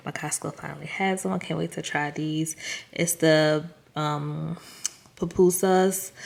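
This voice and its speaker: A woman's voice: low-pitched, creaky, a little hiss or hum. A woman vlogger casually chatting through a grocery haul, talking straight to her viewers and laughing at herself. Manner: chatty, self-amused, talks to viewers directly.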